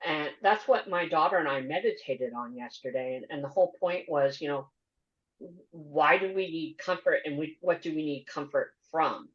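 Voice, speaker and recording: A woman hosting a podcast interview, earnest and measured as she asks questions and comments. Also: deep voice. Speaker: podcast host. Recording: dull lo-fi audio.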